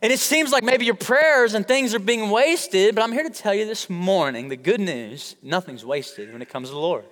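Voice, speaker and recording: A man's voice: high voice, lively intonation, moderate pace, hardly any pauses, a bit bright. A man preaching a sermon to his congregation, conversational and joking, calling out to the room. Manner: humorous, conversational preaching with audience call-outs. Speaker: pastor. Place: church sanctuary. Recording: long hall reverb.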